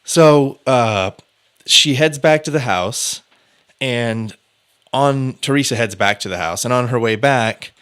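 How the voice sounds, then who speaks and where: A man's voice: medium pitch, slow, a bit bright, clean tone. A man hosting a podcast, casually retelling a true-crime case in a loose, chatty way with filler words and the odd curse. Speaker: podcast host.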